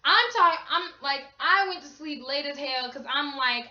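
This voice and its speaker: Bright, high-voiced young woman vlogger. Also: normal speed, hardly any pauses. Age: young adult. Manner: chatty, slangy, animated storytelling. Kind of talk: casual storytime. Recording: echoey room, slightly dull sound.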